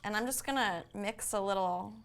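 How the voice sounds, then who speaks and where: A woman co-hosting a casual live chat show, excitable and swearing freely. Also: medium pitch, moderate pace. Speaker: co-host.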